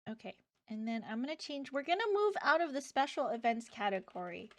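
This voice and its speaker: A woman's voice: a little high, very animated, a little fast. A young woman streaming live, chatting casually with her viewers and reading out their messages between bursts of giggling. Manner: chatty, reads chat aloud, giggly.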